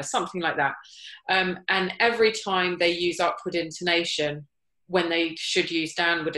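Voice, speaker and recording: A woman guest speaker on a video call, telling stories about her workshop exercises in a lively, playful way. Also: on the low side. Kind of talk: casual call talk. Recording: echoey room.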